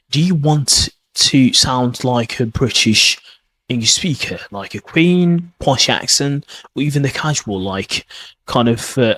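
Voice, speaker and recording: A man's voice: mid-range voice, fairly bright tone, slightly rough. A man giving a podcast lesson on pronunciation, often restarting and checking in with "okay?". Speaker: pronunciation teacher.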